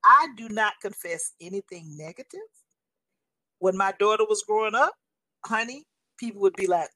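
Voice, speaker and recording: A woman in her sixties sharing a faith testimony in a casual, animated and emphatic way, often calling the listener honey. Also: medium pitch, fairly quick, no echo. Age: 60s.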